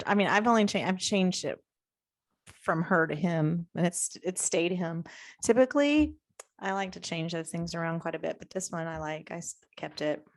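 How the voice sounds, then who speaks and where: A woman's voice: lowish voice, vocal fry, no echo, studio quality. A woman co-hosting a podcast, chatty and upbeat in casual conversation. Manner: chatty and upbeat, with quick restarts. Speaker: podcast co-host. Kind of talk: casual chat.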